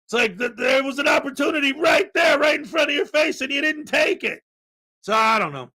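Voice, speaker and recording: A man hosting a casual live stream, chatting loosely and greeting viewers, with rambling asides and sudden loud bursts of excitement. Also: very high-pitched, brisk. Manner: chatty and rambling, many fillers.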